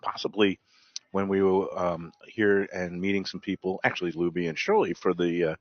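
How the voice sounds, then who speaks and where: A man's voice: deep voice, normal speed, vocal fry, dry recording, dull audio. A male TV host chatting enthusiastically about food and drinks, joking about himself. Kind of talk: casual food chat on a TV segment.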